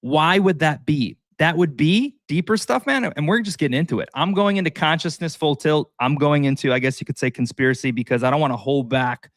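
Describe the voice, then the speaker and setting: A man with a slightly high voice hosts a casual livestream. He rambles in an animated way and talks straight to the people watching. The sound is dry and close. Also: fairly quick, hardly any pauses, dry recording. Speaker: livestream host.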